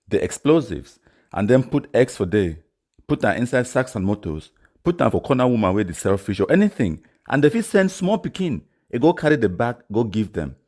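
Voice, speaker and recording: A man's voice: medium pitch, a little mellow. A man from Cameroon with a Cameroonian Pidgin English accent, hosting a commentary monologue and stressing key phrases by repeating them. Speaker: host.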